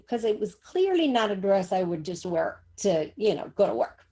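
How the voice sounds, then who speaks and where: Older woman telling an animated testimony. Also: medium pitch, normal speed, few pauses, breathy edge. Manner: animated, acts out dialogue, emphatic. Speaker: church member giving testimony. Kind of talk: personal testimony storytelling.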